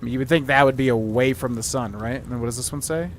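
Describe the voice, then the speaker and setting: A man's voice: mid-range voice, fast talker, a little hiss or hum. A man streaming a video game, chatting casually and thinking aloud with lots of fillers as he works through a puzzle. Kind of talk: casual let's-play commentary.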